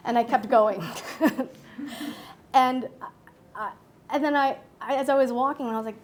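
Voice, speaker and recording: A woman with a somewhat high voice tells a personal story at a public talk. She is animated, acts out her own thoughts and laughs often. A faint hiss sits under her voice. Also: unhurried, pauses often.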